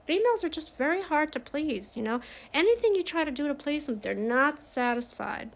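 A woman's voice: high-pitched, animated, a little fast. A grieving woman speaking frankly and confidingly in a personal monologue, with emphatic bursts.

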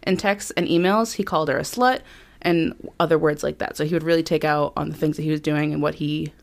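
A gravelly, low-voiced woman speaks quickly in a steady tone. She co-hosts a podcast and casually reads through a true crime story from her notes, with many ums.

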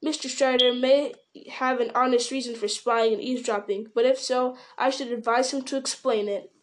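A woman voicing a guarded young male hobbit in an audiobook, quick to turn sharp. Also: on the high side, steady tone, lightly acted. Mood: angry. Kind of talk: audiobook character reading.

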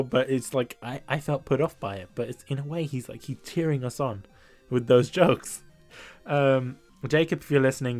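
A young man hosting a casual podcast, talking in an animated, laughing way and often repeating himself. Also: medium pitch. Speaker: podcast host. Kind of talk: casual gaming podcast chat.

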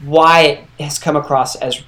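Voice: mid-range voice, steady tone, moderate pace, fairly bright tone. Podcast co-host explaining points at length. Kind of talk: casual chat.

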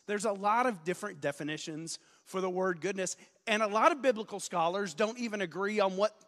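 Joking man preaching in a reverberant hall. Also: high voice. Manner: self-deprecating, joking, storytelling, bursts of loud preaching. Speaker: student pastor, guest preacher. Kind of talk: sermon. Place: church sanctuary. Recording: long reverb of a large hall.

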